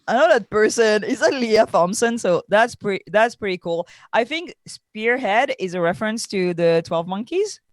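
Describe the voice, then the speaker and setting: A woman's voice: medium pitch, lively intonation, measured pace, few pauses, dry recording, studio quality. A young French woman with a French accent, co-hosting a casual podcast review, tired and scatterbrained, full of fillers and restarts. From France. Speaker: podcast co-host.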